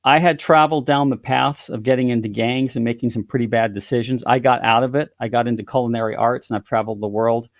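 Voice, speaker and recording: An earnest young man who left gang life talks with heartfelt concern, in a plain voice that is neither high nor low, as a storyteller voices him in his own tone. He is quiet and sincere. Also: steady tone, quick pace, few pauses, no echo, clean studio sound, close to an everyday voice. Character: grateful young man, former gang member.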